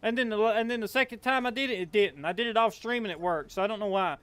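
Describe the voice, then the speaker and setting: A young man with a Southern accent talks casually over a game stream, his voice sitting fairly high for a man and coming through smooth and clear. He rambles and drawls, full of fillers and restarts. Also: quick pace, a bit bright, no room sound. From Appalachian Kentucky, US. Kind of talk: casual gameplay chat.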